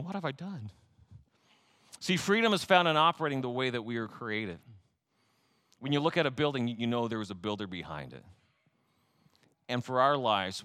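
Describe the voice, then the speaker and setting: A male pastor delivering a sermon in a bright, forceful voice that sits a little high for a man. He preaches emphatically, pressing his points with rhetorical questions and lightening them with humor.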